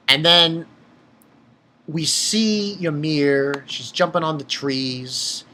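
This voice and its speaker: A man casually reviewing a manga chapter, excitable, swearing freely and reading scenes aloud. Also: on the high side, takes it slowly, slight background noise.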